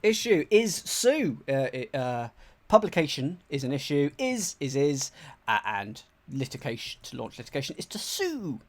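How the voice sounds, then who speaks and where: Lively British man thinking aloud. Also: fairly high pitch, moderate pace. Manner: chatty and animated, thinks aloud, mutters clues, greets chat. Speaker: streamer solving a crossword. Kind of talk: live-stream chat, thinking aloud.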